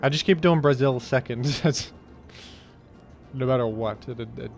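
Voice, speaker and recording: Animated man commentating a guessing game. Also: mid-range voice, normal speed, soft background music. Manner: animated, incredulous outbursts. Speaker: streamer. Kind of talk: casual gaming commentary.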